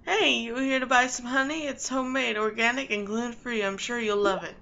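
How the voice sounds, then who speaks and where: A woman's voice: on the high side, steady tone, a little fast, pushed and bright. A woman voicing a cheerful male beekeeper who talks with upbeat sales patter.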